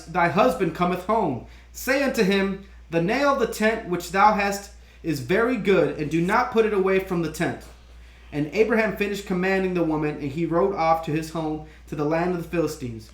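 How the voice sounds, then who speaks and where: A man reading old scripture aloud in a steady, measured way. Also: sits high. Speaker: scripture reader. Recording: echoey room.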